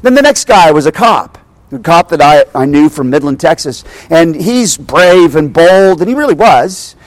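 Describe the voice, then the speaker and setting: Male pastor, animated sermon storyteller, slightly high voice, dry close sound. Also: moderate pace, no room sound. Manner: animated storytelling, addressing the congregation directly.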